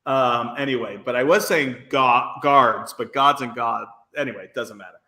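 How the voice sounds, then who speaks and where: A man's voice: mid-range voice, moderate pace, pushed and bright, roomy sound. Chatty man with a faint Brooklyn accent. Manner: rambling, filler-heavy, laughs often. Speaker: podcast co-host. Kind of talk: casual recap chat.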